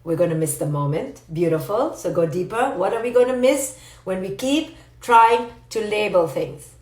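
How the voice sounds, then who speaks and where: A woman psychologist giving a playful, animated live talk to viewers and answering their comments. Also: mid-range voice, moderate pace. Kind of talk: live-stream motivational teaching. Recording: roomy echo.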